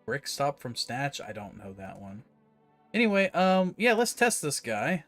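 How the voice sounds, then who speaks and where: A man's voice: medium pitch, very animated, measured pace, creaky, fairly bright tone, soft background music. A man streaming a game, commenting casually and rambling with fillers as he plays. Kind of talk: live gameplay commentary.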